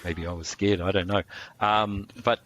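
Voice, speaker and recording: A deep, fairly bright male voice with fairly even intonation at normal speed belongs to a martial artist in a casual storytelling interview. He tells long, rambling stories, restarting often and leaning on fillers.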